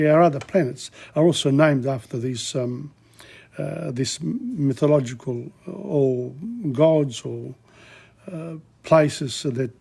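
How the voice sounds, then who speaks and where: A man's voice: a little high, gravelly, warm tone, husky. An older man, a native Italian speaker, teaching in a casual, rambling way with many fillers and restarts. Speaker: language teacher. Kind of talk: casual spoken lesson.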